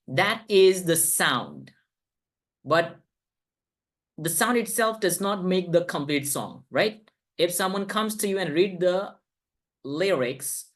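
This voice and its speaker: Emphatic male English coach. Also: fairly high pitch. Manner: emphatic, teacherly, stretches key words for effect. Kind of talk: online masterclass teaching.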